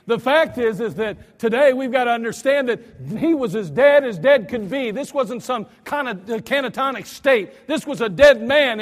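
An American male pastor preaching a storytelling sermon, swinging between soft asides and loud cries. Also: very high-pitched, lively intonation, moderate pace. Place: church sanctuary. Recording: church hall reverb.

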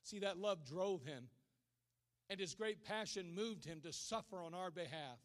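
A male preacher giving a sermon, telling a story dramatically and swinging from hushed lines to shouted ones. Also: high voice, expressive, measured pace.

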